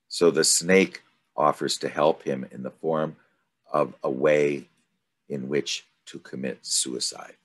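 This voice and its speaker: A man leading a study group, reading aloud from a story and commenting on it in an unhurried, thoughtful way. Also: rumbling low, fairly even intonation. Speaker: study group discussion leader.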